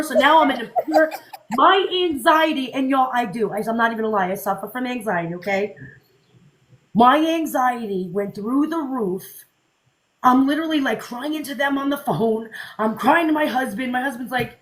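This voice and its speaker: A young woman telling a story in a casual, animated way, with lots of fillers and quoted dialogue. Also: high voice, moderate pace, poor audio. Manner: chatty, animated, many fillers, repeats quotes. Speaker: social media creator telling a story. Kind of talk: casual storytelling on a live panel.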